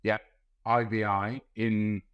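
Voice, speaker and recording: A man's voice: fairly low pitch, little pitch movement, slow, clear, resonant tone, highs cut off. A man from England, a nurse guest on a podcast, talking hesitantly and often repeating his words. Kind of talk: casual podcast chat.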